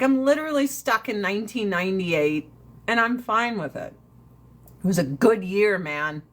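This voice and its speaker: Woman, forties, higher voice, casual livestream chat, profane, blunt, laughs a lot. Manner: brash, profane, ranting; laughs often between lines.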